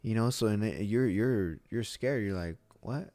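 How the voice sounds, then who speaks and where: A man's voice: on the low side, moderate pace, mellow, dry recording. A middle-aged man who owns a gym, chatting casually and telling rambling stories with lots of restarts. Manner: rambling storyteller with many restarts. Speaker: gym owner. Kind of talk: casual podcast conversation.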